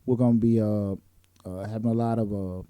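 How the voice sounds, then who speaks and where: A man's voice: on the low side, steady tone, fairly quick, dark tone, clean tone, no echo. A man hosting a talk show in a casual, joking way, with plenty of fillers. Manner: laid-back, joking, lots of fillers. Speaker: host. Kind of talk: casual chat.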